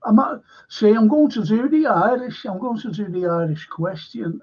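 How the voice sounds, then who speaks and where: A Liverpool man chats his way through a history livestream, drifting from topic to topic and swearing now and then. His voice is husky and sits high. The stream audio is dull and lo-fi. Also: expressive, normal speed, few pauses, a little mellow. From Liverpool, England. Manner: rambling, chatty, swears freely. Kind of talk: casual livestream chat reading viewer comments.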